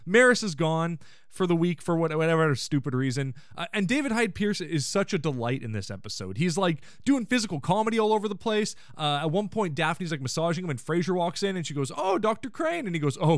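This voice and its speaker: A man hosting a podcast, recapping a sitcom episode in casual chat and quoting the characters in quick put-on voices. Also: fairly high pitch, no echo, studio quality. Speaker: podcast host.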